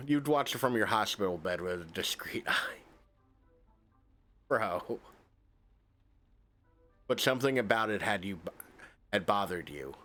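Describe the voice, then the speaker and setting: A man's voice: lowish voice, fairly bright tone. A man streaming a game, reading its text aloud and breaking off into joking, swearing asides.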